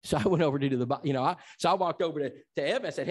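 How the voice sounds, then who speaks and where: A man's voice: on the high side, expressive, rapid-fire, few pauses, darkish tone, breathy edge. A man from Tennessee who teaches an evangelism seminar. He preaches in an emphatic storytelling style and acts out the dialogue. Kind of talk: sermon.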